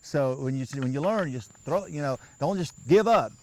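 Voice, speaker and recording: A man's voice: fairly high pitch, expressive, normal speed, a little mellow. A man giving a patient, folksy hands-on lesson outdoors, often repeating himself as he coaches a beginner. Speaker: turkey calling instructor.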